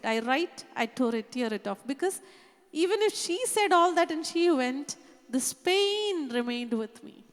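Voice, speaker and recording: A woman preaching, telling a personal story earnestly and often saying "you know". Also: fairly high pitch. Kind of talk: sermon testimony. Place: church hall. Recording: long reverb of a hall.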